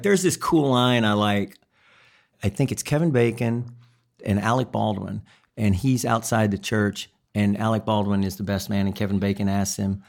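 A man from Memphis with a Southern drawl, a stand-up comedian chatting casually and telling stories, slipping into voices for laughs. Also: fairly low pitch. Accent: Southern US drawl, Texas-leaning. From Memphis, Tennessee. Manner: laid-back storyteller, breaks into voices for jokes. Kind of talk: casual chat.

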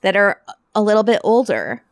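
A woman's voice: mid-range voice, very animated, moderate pace, clear, resonant tone, no echo, studio quality. Wry woman podcast co-host. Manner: wry, opinionated, teasing. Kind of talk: casual chat recapping a TV show.

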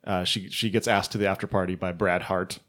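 Male podcast panelist, low voice, loose filler-heavy storytelling. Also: little pitch movement, a little fast, a bit bright. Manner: rambling, filler-heavy, laughs often. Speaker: podcast panelist recapping a film. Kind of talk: casual podcast chat.

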